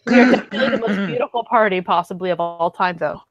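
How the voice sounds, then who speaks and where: A woman's voice: mid-range voice, fast talker, dull audio, over music. A woman playing a tabletop game, making dry, joking remarks in casual chat. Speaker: player.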